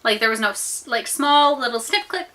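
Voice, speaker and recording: A young American woman telling a story to her viewers in a chatty, animated way with many fillers while she eats. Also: on the high side, moderate pace. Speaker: vlogger. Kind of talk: storytime chat while eating.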